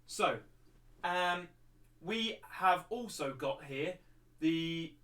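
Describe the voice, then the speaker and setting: English maths teacher on a livestream, pretty high voice, sounds a bit far from the mic, lots of stumbles and restarts. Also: male voice, expressive, extremely slow, sharp tone. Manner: rambling, many restarts and repeated words. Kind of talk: livestreamed lesson.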